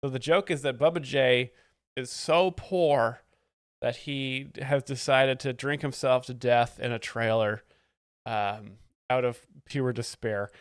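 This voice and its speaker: A man's voice: mid-range voice, slow, clean tone, dry recording, clean studio sound. A man hosting a live stream, explaining stand-up jokes in a sarcastic, mock-expert tone. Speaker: comedy stream host. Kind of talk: casual live-stream commentary.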